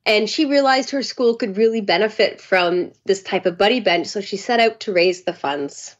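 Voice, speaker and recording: A woman's voice: medium pitch, moderate pace, highs cut off. A woman co-hosting a casual chat show from home over a remote call, talking in an upbeat, enthusiastic way. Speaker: co-host. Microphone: remote call over satellite internet.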